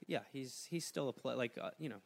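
A man's voice: mid-range voice, a little fast, gravelly, a little hiss or hum. A man co-hosting a comedy podcast, telling stories in casual chat and laughing often at his own jokes.

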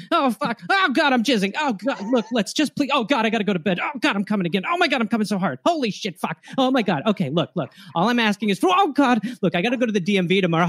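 A man's voice: very high-pitched, a bit bright, voice pushed up. A man voicing a frantic man stuck in endless orgasms, moaning and yelping in exclamations.

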